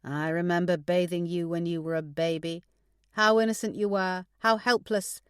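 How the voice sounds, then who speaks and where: A woman's voice: fairly low pitch, fairly even intonation, moderate pace, smooth, no room sound, clean studio sound, natural voice. A woman doing a frail, grumbling older father. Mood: tender. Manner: grumbling, sentimental.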